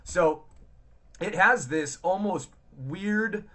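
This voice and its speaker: A man's voice: high voice, drawn-out words, sharp tone. A man hosting a casual live chat, thinking aloud with many restarts and fillers while answering viewer comments. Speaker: livestream host.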